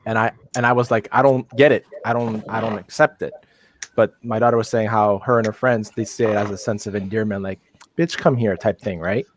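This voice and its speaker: A man's voice: on the low side, steady tone, fairly quick. Musing middle-aged man, faint hiss. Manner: musing, uncertain. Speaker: podcast panelist. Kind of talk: casual chat.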